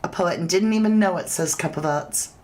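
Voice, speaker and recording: A woman's voice: lowish voice, a little fast, darkish tone. A woman hosting a casual true crime livestream, chatting straight to her viewers and reading their comments aloud.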